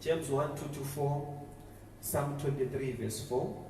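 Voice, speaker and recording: In a large church hall, a pastor preaches an emphatic call-and-response sermon, repeating key phrases for his congregation. His medium-pitched voice is steady, slow and a little mellow. The recording is echoey and distant, with faint room noise.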